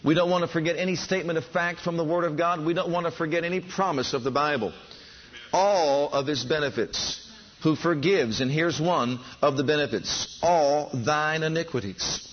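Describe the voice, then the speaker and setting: A man's voice: on the high side, moderate pace. A man preaching a sermon, fervent and building enthusiasm, calling on his listeners to respond. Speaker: pastor. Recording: dull lo-fi sound.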